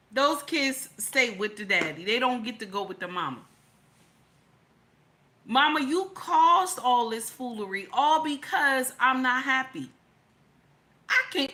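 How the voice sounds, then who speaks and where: A woman's voice: a little high, sharp tone. A middle-aged woman hosting an opinionated livestream, blunt, profane and preachy, greeting her chat as she talks. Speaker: livestream host.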